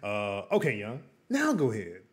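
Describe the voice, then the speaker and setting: A man's voice: on the low side, normal speed. A man hosting a podcast, joking and steering the segments in casual chat. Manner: animated, joking, runs the segments. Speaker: podcast host.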